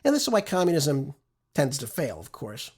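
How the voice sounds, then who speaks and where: A male talk show host with a somewhat high-pitched voice, speaking off the cuff in an opinionated, conversational way. He often ends his points with a quick "right?" to pull the listener along. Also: wildly swooping pitch, breathy edge. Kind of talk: conversational political commentary.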